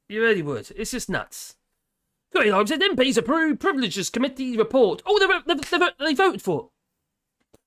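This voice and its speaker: A man's voice: extremely high pitch, a bit bright. A man hosting a live stream in casual chat, rambling, laughing often and trailing off mid-sentence.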